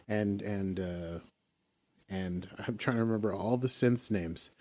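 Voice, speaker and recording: A man casually retelling a TV episode on a podcast, rambling and slipping into quick impressions of the characters. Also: lowish voice, a little mellow, dry recording. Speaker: podcast co-host recapping an episode. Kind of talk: casual chat.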